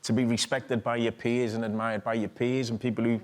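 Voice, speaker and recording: A middle-aged man with a Liverpool accent, a talk show guest telling an animated anecdote and often asking "do you know what I mean". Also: medium pitch, a little fast. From England, Liverpool. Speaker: guest actor. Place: TV studio with live audience.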